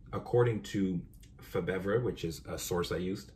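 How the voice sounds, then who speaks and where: A young man hosting a podcast, talking through course ideas in a relaxed, conversational way with frequent asides. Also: low voice, a little slow, a little hiss or hum. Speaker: podcast host. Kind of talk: casual explainer monologue.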